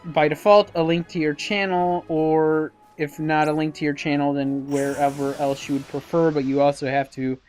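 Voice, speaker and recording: A let's-play commentator rambles casually over a game playthrough, talking to himself about where to go with hesitant fillers. His medium-pitched, slightly mellow voice has little pitch movement and runs at normal speed with hardly any pauses, over soft background music.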